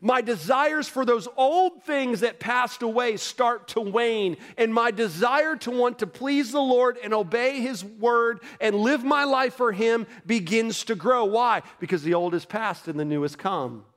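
A man's voice: very high-pitched, measured pace, few pauses, a bit bright. A man preaching a sermon in a conversational style, acting out quoted voices and building to emphatic peaks. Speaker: pastor.

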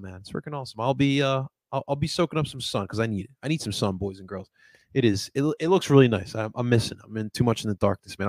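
A man hosts a sports chat show, talking in a loose, animated and slangy manner. His voice sits in a middle range and is recorded dry, with no room sound. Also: mid-range voice, no echo.

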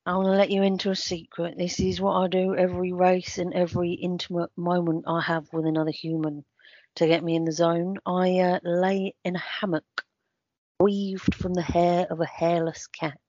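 Deadpan woman, lowish voice. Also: normal speed, no room sound. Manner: deadpan, absurd humour. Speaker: podcast co-host. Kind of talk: casual chat. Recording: dry, slightly dull sound.

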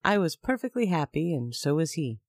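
A man's voice: on the high side, big pitch swings, fairly quick, no room sound. Man narrating a personal story, dry sound. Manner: plain, conversational retelling.

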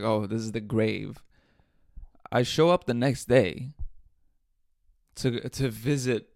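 A man's voice: mid-range voice, no echo, clean studio sound. Profane storytelling podcast host, a man. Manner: profane, animated storytelling with laughs. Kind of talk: casual storytelling.

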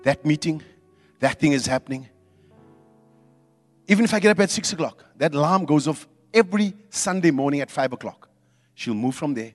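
A man preaching a sermon, swinging from quiet asides to loud, emphatic preaching. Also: fairly high pitch, lively intonation, normal speed, pauses often, big-room sound, soft background music. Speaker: pastor.

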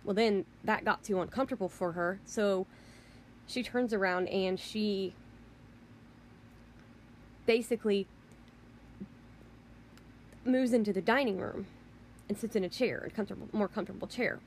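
Woman vlogger on a fired-up rant, rambly, lots of "you know", mid pitch. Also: unhurried, long pauses, a little hiss or hum. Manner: indignant, rambling, repeats "you know" and "I mean"; swears in exasperation. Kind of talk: angry storytelling rant.

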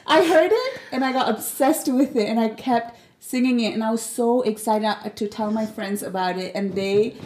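A woman's voice: on the high side, moderate pace, hardly any pauses, a little mellow. A young woman from Nepal, chatting casually and playfully with friends and laughing easily. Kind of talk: casual chat among friends. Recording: echoey room with clear background noise.

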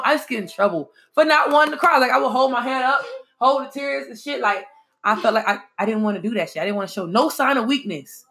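A woman in her twenties talking in an animated, profane, emphatic way in a casual chat. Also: fairly high pitch. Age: 20s.

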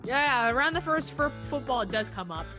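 A young woman co-hosting a casual sports podcast, talking in an animated, emotional way as a frustrated fan. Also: high voice, fairly quick, music in the background. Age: young adult. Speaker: podcast co-host.

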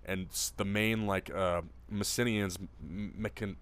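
Rambling, profane man with a low voice. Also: steady tone, a little slow, a bit bright, clean tone. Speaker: podcast co-host. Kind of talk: casual chat.

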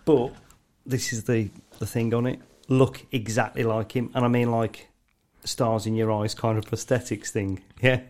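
A man on a podcast, chatting playfully with quick asides. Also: medium pitch, level tone, a little mellow. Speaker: podcast co-host. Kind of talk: casual banter.

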